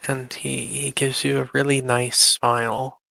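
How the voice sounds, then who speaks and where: Earnest, polite man playing a tabletop game; bright, gravelly tone, dry sound. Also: mid-range voice, little pitch movement, dry recording, low-quality recording. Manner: earnest, halting, polite, many restarts. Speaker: player character voice. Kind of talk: tabletop role-play.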